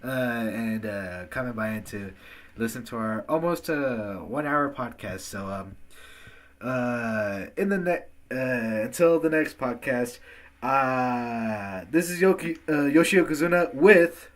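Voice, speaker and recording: A man's voice: mid-range voice, measured pace. A young man hosting a casual podcast, rambling with lots of fillers and restarts on a home computer mic. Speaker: podcast host.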